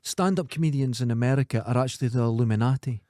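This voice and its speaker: A man with a Scottish accent co-hosting a casual podcast, blunt and jokey and quick to mock. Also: medium pitch, warm tone, no room sound, studio quality. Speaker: podcast co-host.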